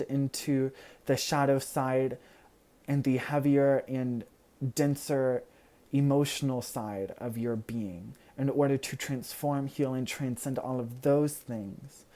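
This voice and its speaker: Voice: mid-range voice, dark tone. A tarot card reader giving an earnest, reassuring pick-a-card reading straight to the viewer, full of "you know" fillers. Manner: loses words at times and laughs at own slips.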